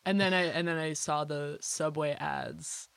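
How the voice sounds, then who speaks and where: Slow-talking joking woman podcast co-host. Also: fairly even intonation, creaky, fairly bright tone, no echo. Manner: jokey, sings mock song bits in a high voice. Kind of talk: casual chat.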